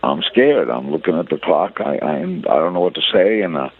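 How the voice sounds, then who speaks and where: Elderly male broadcaster guest, very low voice, anecdotal, phone-quality audio. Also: animated. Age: 80s. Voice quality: very deep voice. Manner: unhurried anecdotal storyteller with frequent uh fillers. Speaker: interview guest, veteran broadcaster. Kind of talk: storytelling reminiscence. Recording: tinny phone-line audio.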